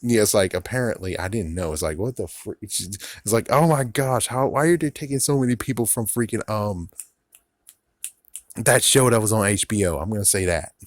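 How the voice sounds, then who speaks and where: A low-pitched man rambles through a casual review, swearing freely and laughing at his own jokes. The sound is dry, with no room echo. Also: moderate pace. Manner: rambling, profane, laughs often. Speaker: YouTube reviewer.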